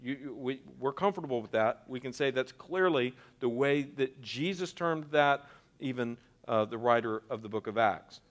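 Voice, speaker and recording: A man preaching a teaching sermon in a church at an ordinary middle pitch. He speaks earnestly and slows down to stress important words, and he often stumbles and restarts a phrase. His tone is that of a pastor explaining carefully to a class. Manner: earnest, emphatic, with frequent restarts and slowed stresses.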